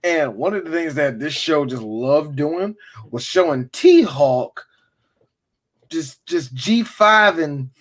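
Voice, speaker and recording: Animated husky-voiced man ranting. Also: a little high, slow pace. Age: adult with children. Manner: animated, profane ranting with acted-out quotes. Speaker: podcast co-host. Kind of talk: casual chat.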